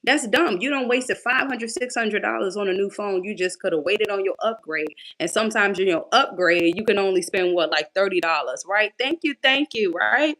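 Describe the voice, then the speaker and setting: A young woman coach giving a casual inspirational faith talk in a lively, conversational, preachy way. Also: mid-range voice, moderate pace, hardly any pauses.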